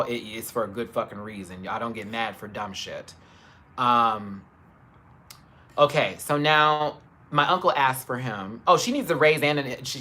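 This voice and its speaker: A man's voice: mid-range voice, sharp tone, slight background noise. Guy doing a fired-up storytime rant on his phone live, cussing, dramatic. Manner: emphatic, swearing, dramatic retelling. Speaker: livestreamer.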